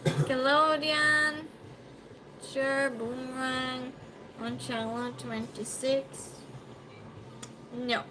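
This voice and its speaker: A woman's voice: high-pitched, level tone, very slow, long pauses, noisy background. A woman hosting a casual trivia stream, reading questions aloud and chatting with viewers, sometimes raising her voice.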